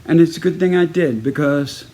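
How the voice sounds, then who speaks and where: A man from Texas tells a story in a casual personal video message. His voice sits somewhat high for a man, and he keeps it lively by acting out every person in the story with raised, punchy delivery. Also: normal speed.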